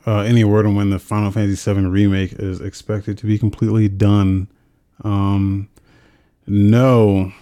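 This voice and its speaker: A man's voice: lowish voice, flat delivery, moderate pace, warm tone, dry recording, studio quality. A man co-hosting a casual gaming chat, reading out viewer questions in a laid-back, hesitant way.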